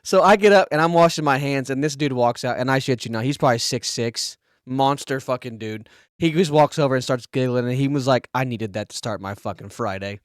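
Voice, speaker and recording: A man on a podcast telling a crude, animated story between laughs in casual chat. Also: medium pitch, brisk, clear, resonant tone, no room sound, clean studio sound. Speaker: podcast co-host.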